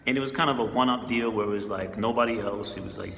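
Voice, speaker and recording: Man, low gravelly voice, laid-back slangy storytelling, echoey room with long reverb. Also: fast, hardly any pauses, fairly bright tone, slight background noise. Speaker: spiritual channel host. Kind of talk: casual personal storytelling.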